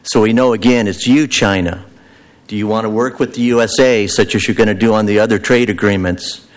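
Earnest man firing rhetorical questions. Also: medium pitch. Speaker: public commenter at a city council meeting. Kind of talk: public testimony.

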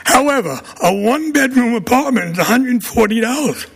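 A man's voice: extremely high pitch, lively intonation, fairly quick, vocal fry, fairly bright tone, husky. A man with a Brooklyn accent giving blunt, combative public testimony at a city council meeting.

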